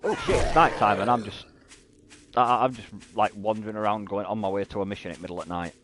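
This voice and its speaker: A man's voice: fairly low pitch, quick pace, noisy background. A British man in his thirties chatting casually while streaming a game, often stammering and repeating words as he talks.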